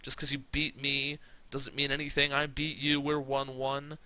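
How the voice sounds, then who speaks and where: A man's voice: mid-range voice, monotone, normal speed, bright, forceful tone, smooth. A man doing a wrestler's offhand threat. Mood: threatening. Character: threatening male wrestler cutting a promo.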